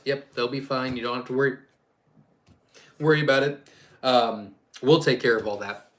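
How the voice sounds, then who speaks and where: A man's voice: mid-range voice, moderate pace, long pauses, fairly bright tone. A man hosting a casual live-stream Q&A as a quail farm owner, chatty and rambling, reading viewer questions aloud and answering off the cuff.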